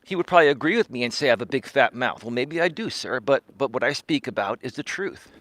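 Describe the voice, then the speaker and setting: A man's voice: medium pitch, expressive, fast, a bit bright. A man hosting a casual live-stream monologue while walking, speaking with emphasis, repeating words and tagging lines with "right?". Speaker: life coach and live-stream host.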